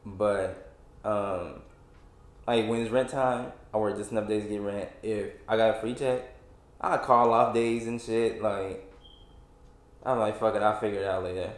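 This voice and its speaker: Unhurried and fairly even in intonation, this lowish-voiced podcast host in his twenties vents through a reverberant space. The solo rant is casual, rambling and frustrated, with many restarts and fillers.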